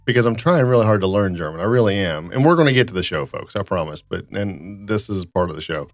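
A low-voiced American man hosts a laid-back chat show. He tells a rambling story and laughs often, his pitch jumping about. The sound is dry, with faint music behind him. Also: lively intonation, quick pace, dry recording. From United States. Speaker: podcast host. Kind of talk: casual chat.

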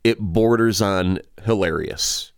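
Podcast co-host, male, low smooth voice, dry close mic, loose rambling review. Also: slow pace, no echo. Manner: rambling, animated movie review with restarts. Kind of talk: casual chat.

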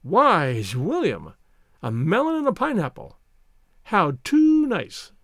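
A man reading a story aloud, voicing a lively young society woman who teases with a bright, airy manner. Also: high voice, takes it slowly, no room sound, clean studio sound, heavily acted. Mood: teasing. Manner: bright, airy, playfully teasing.

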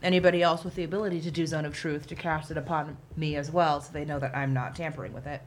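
A woman's voice: deep voice, fairly even intonation, fast talker, slight background noise. A woman player at a tabletop game, plain-spoken and practical as she talks through her plan. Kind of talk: casual game table talk.

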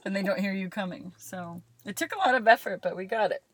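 A woman co-hosting a casual chat, telling long rambling stories that get animated as she goes. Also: medium pitch, fast talker, husky, dry recording.

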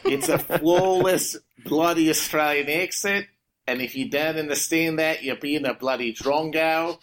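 A man's voice: fairly high pitch, a little slow, a bit bright. A man putting on an exaggerated, slangy Australian accent to play a brash, insulting bloke. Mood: mock-indignant.

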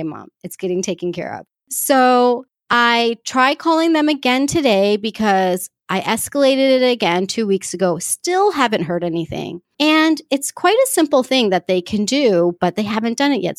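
Woman, podcast host, casual storytelling, animated, dry close sound. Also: a little high, no room sound. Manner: animated, acts out quoted voices.

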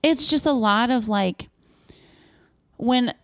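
A woman's voice: on the high side, takes it slowly, dry recording, clean studio sound. A young woman comedian telling candid, profane stories in a casual podcast chat, with lots of "like". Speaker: comedian guest.

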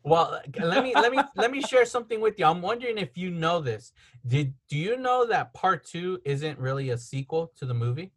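A man co-hosting a podcast in casual chat, enthusiastic, with quick laughs and repeated words. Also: high voice, big pitch swings, a bit bright. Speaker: podcast co-host.

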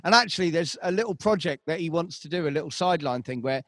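A man's voice: fairly high pitch, expressive, quick pace, fairly bright tone, no room sound, studio quality. A man, a band manager telling rambling stories in casual conversation, with a lot of swearing and restarts. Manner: rambling storytelling, heavy swearing, frequent restarts.

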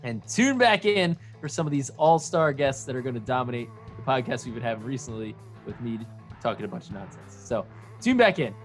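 A man's voice: mid-range voice, sing-song, fairly quick, faint music behind. Man, mid-range voice, joking podcast co-host in casual sports chat. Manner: jokey, playful banter.

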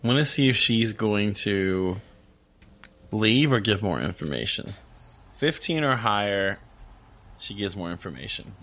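A man narrates a tabletop game as game master, relaxed and loose, with plenty of fillers. His voice has a bright, forward edge. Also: lowish voice, a little slow, long pauses. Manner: relaxed, laughing, full of fillers.

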